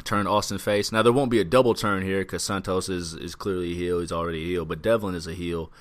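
With a low, steady-toned voice, this man co-hosts a wrestling podcast. His talk is laid-back and full of profanity, and his recaps run long and drawn out.

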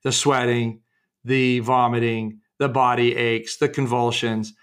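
A man's voice: medium pitch, flat delivery, a little slow, a bit bright, clear, resonant tone. A man being interviewed about his research and book, telling case stories with many restarts and fillers and acting out the quotes. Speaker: author and researcher, guest.

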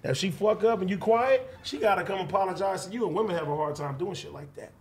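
A young man with a high voice for a man, talking in a brash, joking way. Other voices chatter around him in the room. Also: fast. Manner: brash, joking, giving advice. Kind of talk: casual chat.

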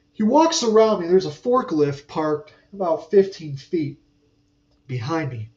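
An aircraft mechanic who hosts a podcast tells an off-the-cuff work story in a fairly high voice with a darkish tone, rambling, cursing freely, and drifting into asides with lots of fillers. It is a casual storytelling monologue; he sounds a bit distant from the mic, and the recording is dull and muffled.

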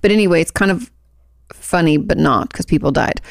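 A young woman co-hosts a casual podcast, her voice low with a gravelly fry. She rambles cheerfully through stories, full of fillers and asides. The sound is dry and close. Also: fairly quick, dry recording. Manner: chatty, rambling storyteller with lots of fillers. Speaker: podcast co-host. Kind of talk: casual chat.

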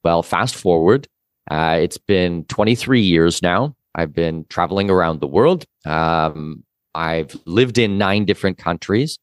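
Deep-voiced man with a faint Canadian accent. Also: lively intonation, unhurried, no echo, studio quality. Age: 40s. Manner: chatty, with fillers and restarts. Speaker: guest. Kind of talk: casual interview talk.

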